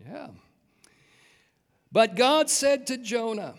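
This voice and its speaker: A man's voice: very high voice, expressive, takes it slowly, long pauses. A man preaching a sermon in an earnest way, often putting rhetorical questions to his listeners. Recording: long hall reverb.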